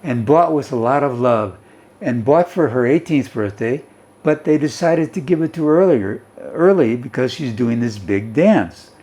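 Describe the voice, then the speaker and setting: A man's voice: mid-range voice, lively intonation, moderate pace, warm tone. A male teacher explaining a story and its vocabulary in an English lesson, reading aloud and often checking in with "okay?".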